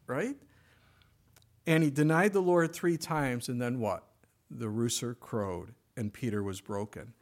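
A male pastor preaching a conversational sermon, his voice dropping soft and quiet in emotional moments. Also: medium pitch, measured pace.

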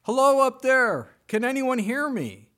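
A desperate man stuck on a cliff branch calls out in high, strained shouts, as a preacher acts him out. His voice jumps well above a normal speaking pitch and pushes loud. He sounds panicked and pleading. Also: normal speed, close to an everyday voice. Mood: frantic pleading.

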